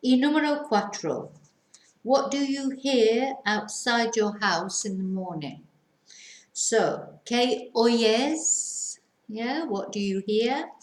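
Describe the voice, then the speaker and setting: Female language teacher, unhurried and clear, recorded in a reverberant room. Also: a little high. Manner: models sentences slowly and clearly, then translates. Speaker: Spanish teacher. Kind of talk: slow language lesson. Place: lives in a Spanish village. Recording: echoey room.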